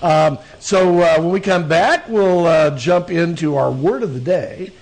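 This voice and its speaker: A man's voice: on the high side, unhurried, darkish tone. A man in his sixties hosting a radio talk show, chatting in a rambling way that keeps breaking off and restarting. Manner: rambling, self-interrupting.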